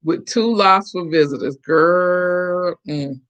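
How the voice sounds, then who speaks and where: A woman's voice: lowish voice, slow, fairly bright tone, highs cut off. A middle-aged woman from Florida chatting casually with viewers on a live stream and telling family stories with lots of back-and-forth. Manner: chatty storyteller, acts out quoted voices.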